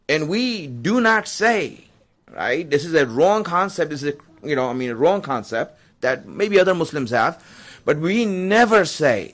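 Conversational preacher man with a fairly high voice. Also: fairly bright tone. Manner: conversational, fillers, chuckles while telling. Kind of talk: storytelling sermon.

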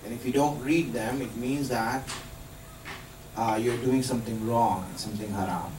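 A man's voice: mid-range voice, fairly even intonation, moderate pace, background noise. Man teaching a religious class in an echoey hall. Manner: explanatory, quizzes the audience. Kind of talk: religious lesson to a live group. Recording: echoey room, distant mic.

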